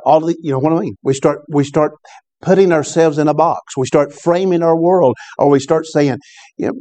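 A man preaching from the pulpit. His voice sits somewhat high for a man yet stays mellow and warm. He drops in asides that call on the congregation to answer. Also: steady tone, fairly quick. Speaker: pastor. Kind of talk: sermon.

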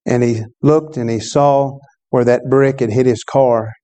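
A male preacher tells a story from the pulpit. His tone is mellow and warm, and his pitch sits in an ordinary middle range. He speaks conversationally and breaks off now and then to ask the congregation a question. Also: steady tone, a little slow. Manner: storytelling preacher, conversational with call-and-response asides. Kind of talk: sermon.

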